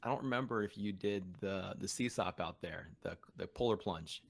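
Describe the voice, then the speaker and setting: A man's voice: low-pitched, normal speed, gravelly, dry recording. A man hosting a casual podcast chat, laid-back and laughing as he tells stories. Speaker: podcast host.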